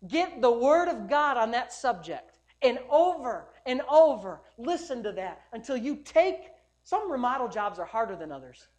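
A male pastor preaching a sermon at a church service, emphatic and repetitive, building up to loud declarations. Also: extremely high pitch, sing-song, moderate pace, few pauses.

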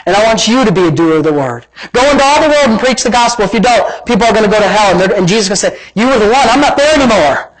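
Speaking rapid-fire with hardly any pauses, a high-voiced, expressive pastor preaches emphatically over slight background noise in a low-quality recording. He repeats lines and acts out imagined conversations, then leads prayer and an altar call.

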